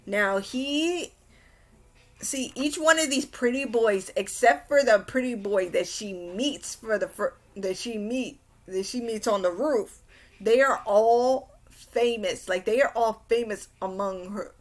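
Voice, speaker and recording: A woman's voice: on the high side, slow pace. Rambling young woman reviewing anime. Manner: rambling, exasperated, frequent restarts. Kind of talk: casual recap.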